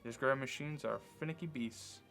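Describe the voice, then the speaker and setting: A man voicing a gruff, grumbling woman engineer, reading her lines aloud from a game's text, a touch louder than his own talk. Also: mid-range voice, normal speed, soft background music. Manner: read aloud from game text, slightly louder.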